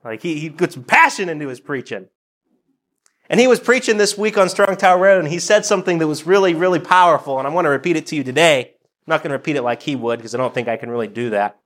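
A middle-aged man, a pastor delivering a sermon in a soft-spoken, conversational way. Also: fairly high pitch, expressive, fast.

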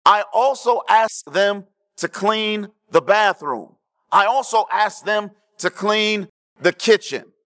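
A man preaching a sermon, checking in with the congregation and swinging between hushed low lines and raised emphatic ones. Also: slow. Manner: preaching with call-and-response asides to the congregation. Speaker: pastor.

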